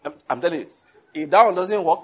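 Laughing pastor with a husky voice. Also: male voice, high voice, quick pace. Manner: lively preaching with laughter and asides to the congregation. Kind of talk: sermon.

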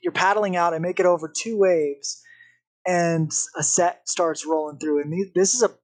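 A young man, a podcast guest, telling a story in a casual, animated way. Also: sits high, moderate pace. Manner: animated, vivid retelling with acted-out quotes.

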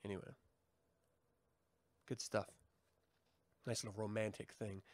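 A man's voice: on the low side, flat delivery, unhurried, no echo, clean studio sound. A man hosting a live stream, chatting casually with viewers, joking, swearing and laughing a lot. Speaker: livestream host.

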